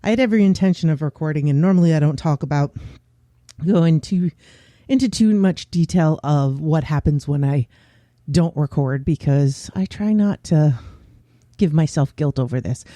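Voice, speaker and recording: A man hosting his own podcast, talking openly in a casual, unscripted way with pauses and fillers. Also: on the high side, mellow, no echo. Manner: candid and open, with frequent pauses and fillers. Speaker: podcast host. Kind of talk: casual solo podcast chat.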